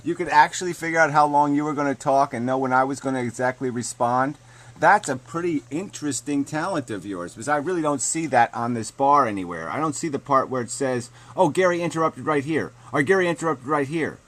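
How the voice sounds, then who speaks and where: A man's voice: mid-range voice, lively intonation, brisk, fairly bright tone. A man ranting angrily at a critic in a video reply, sarcastic and mocking, swearing constantly. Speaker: video blogger answering a critic. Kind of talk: profane angry rant.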